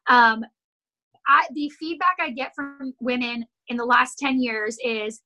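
A woman's voice: sits high, lively intonation, moderate pace, sharp tone, rough recording. A woman who owns a gym, talking candidly and encouragingly in a casual podcast chat. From California. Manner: candid, encouraging, tells stories with quoted voices. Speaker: gym owner and personal trainer.

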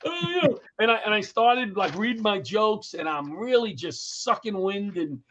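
A man's voice: high voice, moderate pace. A middle-aged man, a comedian and former firefighter telling stories in a casual interview, acting out quotes in a raised voice. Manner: animated storyteller, acts out quotes in raised voice. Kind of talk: storytelling in casual interview chat.

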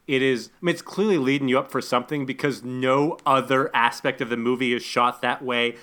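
A man's voice: medium pitch, steady tone, brisk, sharp tone. A man in casual podcast chat, giving dry, wry critique of a movie. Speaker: podcast co-host.

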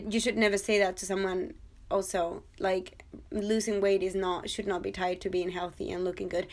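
A young woman in her twenties hosts a casual TV review podcast. She is chatty and excitable, jokes around and addresses her listeners directly as if they were guests at a party. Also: medium pitch, brisk. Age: 20s. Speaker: podcast host.

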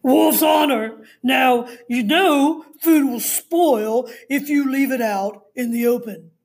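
A woman voicing a sly male wolf in a read-aloud storybook, who calmly explains away his misdeeds. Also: sits high, slow, slightly rough, exaggerated voice. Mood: self-justifying. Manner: innocent, self-justifying storybook wolf. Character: sly male big bad wolf, smooth excuse-maker.

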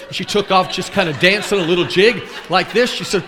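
The recording is very noisy as a traveling preacher with a high-pitched voice rushes through a sermon with few pauses. In a large church sanctuary full of long reverb, he animatedly acts out funny stories and chuckles along the way.

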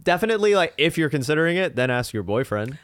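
A man's voice: on the high side, very animated, fast, a bit bright, no room sound. A man in a casual podcast chat who makes dry joking quips.

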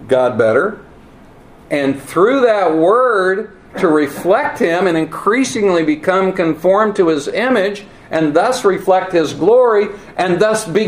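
A man preaching a teaching sermon, earnest and emphatic, with wry asides and halting repeats. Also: sits high. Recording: roomy echo, faint ambience.

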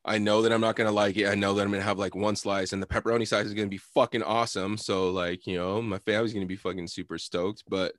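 A young man co-hosting a podcast, telling a long story in a loose, profane, animated way with lots of fillers. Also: fairly low pitch, fast, few pauses, no echo, clean studio sound. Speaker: podcast co-host. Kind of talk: casual storytelling chat.

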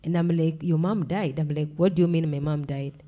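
A woman's voice: low voice, steady tone, fairly quick, muffled recording. A young woman with a Kenyan accent tells a painful personal story in blunt speech that swings between English and Swahili slang, sounding close to tears. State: emotional, near tears. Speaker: podcast guest.

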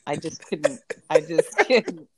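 A woman's voice: deep voice, lively intonation, slow pace, slightly rough, no room sound, clean studio sound. A woman co-hosting a casual chat, mostly giving short agreeing or teasing replies.

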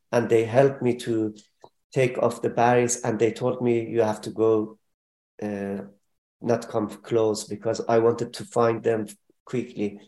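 Guy telling his story slow and halting, lots of uhs, warm low tone, echoey room. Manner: halting speech with many fillers and restarts. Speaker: guest describing relief work. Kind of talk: emotional personal testimony. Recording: roomy echo.

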